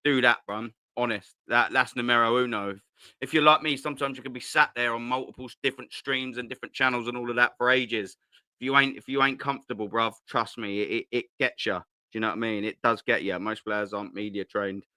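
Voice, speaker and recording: A man's voice: mid-range voice, steady tone, fast, pushed and bright, no echo, clean studio sound. A man hosting a casual live stream from home, rambling and swearing with lots of slang into a cheap desk mic at his laptop. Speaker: host.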